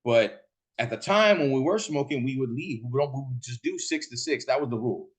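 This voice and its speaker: A man's voice: expressive, brisk. Profane man telling a rowdy story. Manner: profane, laughing, acts out quotes in a shouting high voice. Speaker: podcast host. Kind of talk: casual storytelling.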